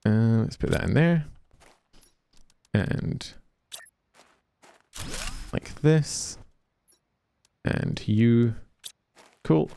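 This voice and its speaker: A man's voice: mid-range voice, extremely slow, creaky, pauses often, warm tone, a little hiss or hum. A Scottish man streaming a game, chatting casually with his viewers, joking and swearing freely as he plays. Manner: chatty, joking, swears freely, talks to chat while playing.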